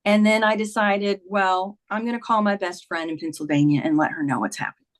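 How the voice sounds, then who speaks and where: A woman's voice: medium pitch, fairly even intonation, fairly quick. A woman in her fifties, a podcast guest, earnestly retelling a personal story in conversation, with many "like"s.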